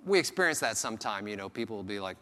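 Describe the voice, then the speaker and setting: A man preaching a sermon as pastor, in a conversational, animated way, sometimes acting out the voices of people he quotes. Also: on the low side, racing, big-room sound, slight background noise.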